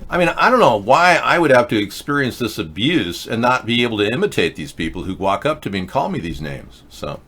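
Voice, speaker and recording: A man's voice: medium pitch, big pitch swings, brisk, hardly any pauses, fairly bright tone. A man hosting a live-stream show, talking in a rambling, sarcastic way with frequent restarts. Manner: rambling, sarcastic, self-interrupting. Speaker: host. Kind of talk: casual live-stream commentary.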